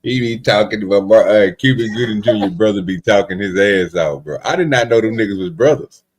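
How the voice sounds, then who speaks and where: Low-voiced laid-back man in banter. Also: fairly quick. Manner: laid-back, reacting with slang. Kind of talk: casual panel banter.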